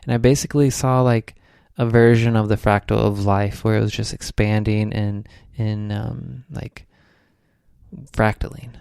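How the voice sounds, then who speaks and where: A man's voice: lowish voice, flat delivery, measured pace, vocal fry, darkish tone, clear, resonant tone, no room sound, studio quality. A young man, a podcast co-host, telling a rambling spiritual story in casual chat, full of "like"s.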